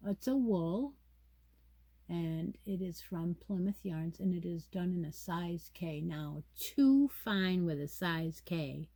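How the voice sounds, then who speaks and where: Lady slowly flipping through a crochet mag, chatty, kinda low voice. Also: lively intonation, dark tone, dry recording. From United States. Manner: chatty, reads pattern details aloud, muses to herself. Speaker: crochet channel host. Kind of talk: casual yarn chat, paging through a pattern magazine.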